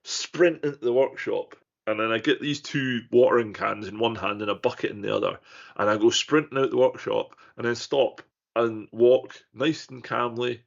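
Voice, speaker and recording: A man's voice: mid-range voice, moderate pace, gravelly. A young man, telling sweary stories in a casual podcast chat. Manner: sweary storytelling. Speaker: podcast co-host. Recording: muffled lo-fi recording.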